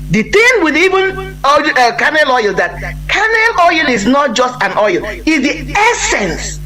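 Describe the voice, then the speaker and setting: A man's voice: high voice, pushed and bright, rough recording. A man, speaking as a guest on a live broadcast in an earnest, emphatic way, often breaking off and restarting his sentences. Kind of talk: impassioned conversational talk.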